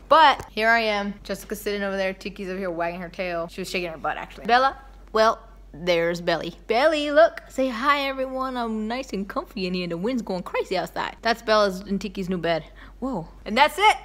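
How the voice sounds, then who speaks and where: A woman's voice: mid-range voice, fairly bright tone. A young woman chatting playfully to camera at home as a vlogger, joking around. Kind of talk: casual chat to camera. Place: indoors at home, windy outside.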